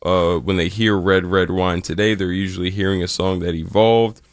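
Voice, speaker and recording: Low-voiced man explaining music history. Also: steady tone, dry recording, studio quality. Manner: informative, storytelling, measured. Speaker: radio show host.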